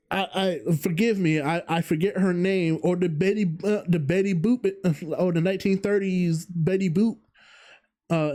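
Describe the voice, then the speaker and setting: This vtuber host, a man with a mellow voice on the high side, gives a casual commentary monologue on his own channel. He rambles through his opinions, interrupts himself, and chuckles often.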